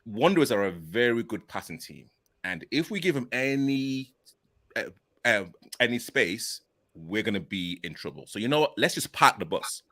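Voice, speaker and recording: Speaking at a moderate pace, this man has a lowish, fairly bright voice with big pitch swings. He hosts a casual video chat, eager and enthusiastic, peppering his speech with "literally" and "like" over and over.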